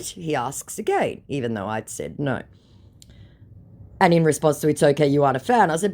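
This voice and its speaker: A woman's voice: very deep voice, sing-song, a little fast, darkish tone. A woman reading out her chat messages with a scammer, in a sarcastic, exasperated manner. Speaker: scambaiter narrating chats.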